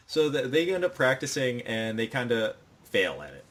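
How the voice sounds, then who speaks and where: Young male podcast co-host, mid-range voice, loose rambling delivery, quick put-on character voices. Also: mid-range voice, sing-song, a little hiss or hum. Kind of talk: casual chat, recapping an anime episode.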